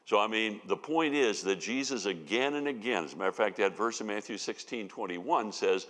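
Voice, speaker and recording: A man's voice: fairly low pitch, brisk, a bit bright. A man giving a conversational sermon as a Bible teacher, telling the story with folksy asides. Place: church sanctuary. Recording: long reverb of a church hall.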